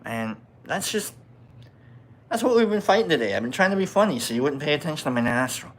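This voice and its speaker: This man's voice is on the high side, and he's very animated and quick, with a slight hiss or hum in the background. He has a Nebraska accent and hosts a mushroom-growing livestream. His chat rambles casually, with jokes at his own expense, and he often fades into a mumble.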